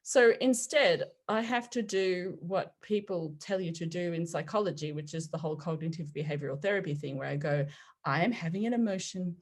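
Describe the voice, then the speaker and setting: A woman in her forties, a podcast guest telling personal stories in an animated way, often laughing and acting out what people said. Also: low voice, a little fast, few pauses. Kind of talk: conversational storytelling.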